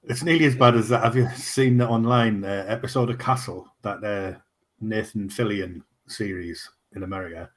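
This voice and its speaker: A man's voice: on the low side, moderate pace. Blunt, joking male podcast co-host. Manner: blunt, banter-heavy, swears casually. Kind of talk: casual chat.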